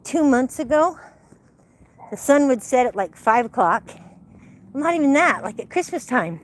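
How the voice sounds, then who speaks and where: An older woman walking outdoors at sunset, chatting in a rambling way to live-stream viewers through her handheld phone. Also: fairly high pitch. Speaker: livestream host. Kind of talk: casual live-stream chat. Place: outdoors on an evening walk. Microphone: phone held in hand.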